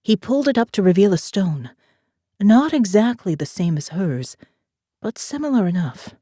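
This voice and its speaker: A woman narrating a thriller audiobook in a steady, measured storytelling voice, recorded on a close studio mic. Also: medium pitch, no room sound. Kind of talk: scripted narration.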